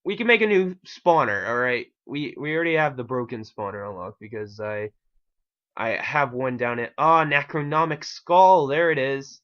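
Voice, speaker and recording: Male gaming host, bright voice, rambling, self-mocking, casual swearing, dull home-mic sound. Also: mid-range voice, moderate pace. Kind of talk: casual gameplay commentary.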